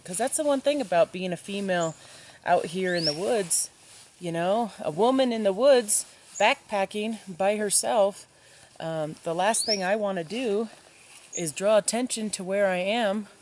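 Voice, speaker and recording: A woman recording herself alone at a forest campsite. She tells her story in a relaxed, chatty way full of ums, at a medium pitch, and a faint outdoor hiss sits behind her voice. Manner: chatty, many ums, acts out voices in retelling. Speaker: solo backpacking vlogger. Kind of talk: casual storytelling to camera.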